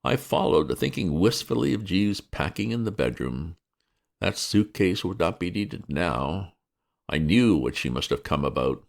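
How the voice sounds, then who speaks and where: A man reading classic fiction aloud as an audiobook, with a wry, expressive storytelling manner. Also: low-pitched, a little slow, gravelly. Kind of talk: audiobook narration.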